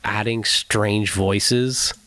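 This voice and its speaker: A man's voice: fairly low pitch, fairly even intonation, drawn-out words, bright, forceful tone, no room sound. A male musician in casual podcast chat, talking animatedly, laughing often and swearing freely.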